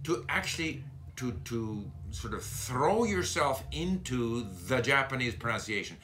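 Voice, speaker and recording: A man leads a casual interview about learning languages. He sounds bright and forward. He pauses, restarts and sums up his guest's points, over a faint hiss. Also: mid-range voice, expressive.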